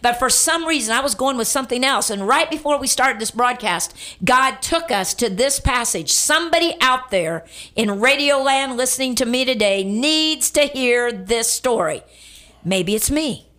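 Middle-aged woman radio preacher, slightly high voice, emphatic storytelling sermon with call-and-response. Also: animated, moderate pace, fairly bright tone. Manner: storytelling, emphatic, repeats lines for effect; calls on listeners to respond.

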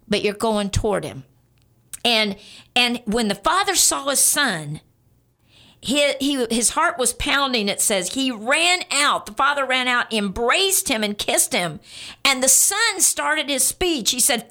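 A woman preacher delivers a sermon in a bright, somewhat high voice. She speaks earnestly and directly to her listeners. She repeats her key points for emphasis. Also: animated, unhurried.

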